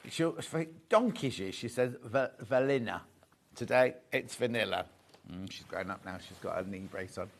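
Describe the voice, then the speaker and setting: A man's voice: on the low side, animated, brisk, vocal fry. A man presenting live shopping TV from a studio, chatting, joking and correcting himself as he reads out viewer messages. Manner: chatty, jokey, self-correcting as he goes. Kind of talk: live selling chat, reading viewer messages.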